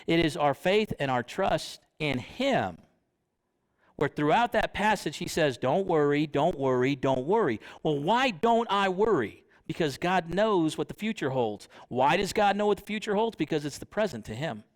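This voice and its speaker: Man preaching, fairly high pitch, conversational, asks the congregation questions, church sermon. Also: lively intonation, normal speed.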